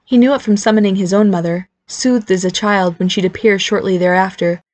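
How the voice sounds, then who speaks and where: A woman narrating a novel in an even, clear storytelling manner. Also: medium pitch, fairly quick, dry recording. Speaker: audiobook narrator. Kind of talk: scripted narration.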